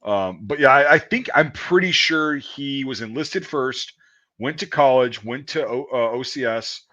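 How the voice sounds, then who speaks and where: A man's voice: medium pitch, a little slow, pushed and bright. A man in his thirties telling profane, rambling army stories in casual chat. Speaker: podcast host. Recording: dull lo-fi audio.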